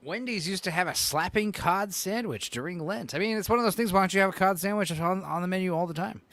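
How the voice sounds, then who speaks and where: A man's voice: high-pitched, fast, a bit bright, no room sound. A man co-hosting a casual podcast chat, rambling and swearing, full of "like" and "you know". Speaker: podcast co-host.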